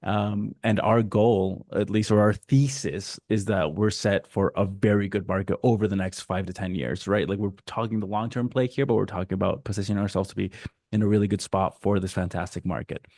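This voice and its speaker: A man from Mexico giving a casual, animated webinar presentation over a video call, slipping into quick voices for customers. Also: on the low side, no room sound, studio quality. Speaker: guest speaker.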